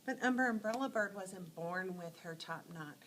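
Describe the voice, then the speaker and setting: A woman teacher telling short animal stories to teach letter sounds, acting out each sound with lively expression. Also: medium pitch, moderate pace, slight background noise, rough recording. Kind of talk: phonics lesson storytelling.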